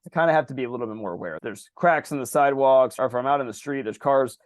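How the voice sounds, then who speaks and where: Swearing freely and animating quotes from the people in his tales, this podcast co-host tells long, wandering stories in casual conversation. He talks quickly in a mid-range voice, captured clean and dry in a studio.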